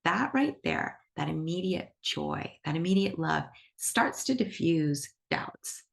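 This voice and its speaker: A woman's voice: low voice, lively intonation, slow, vocal fry. A woman teaching animal reiki to an online class over a video call, talking in an enthusiastic, emphatic and upbeat way. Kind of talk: instructional talk to an online class.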